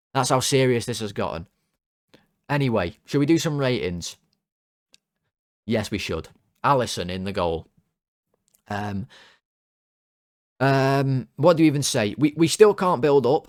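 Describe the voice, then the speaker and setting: A man's voice: medium pitch, no echo, clean studio sound. A young man from England hosting a football fan channel, ranting in an exasperated, sarcastic, rambling way with many restarts. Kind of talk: ranting football video commentary.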